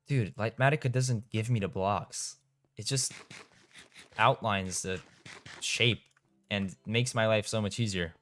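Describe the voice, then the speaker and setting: A man's voice: fairly low pitch, dry recording. A young man from Europe, chatting casually on a game live stream, reading out and answering chat and laughing often. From Eastern Europe. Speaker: gaming streamer.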